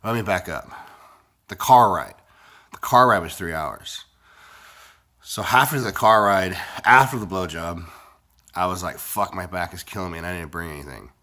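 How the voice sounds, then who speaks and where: A vlogger with a low voice that still carries a bright, forceful edge rambles through a crude story, swearing constantly and speaking bluntly and casually. He sounds sick and congested, with lively intonation, a moderate pace, and long pauses.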